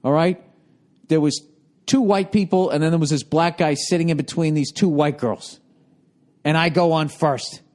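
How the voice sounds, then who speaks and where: Profane, ranting man, high voice. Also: moderate pace. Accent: Boston. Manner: profane, exasperated storytelling, jumps into loud mock voices. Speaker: podcast host. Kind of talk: ranting monologue.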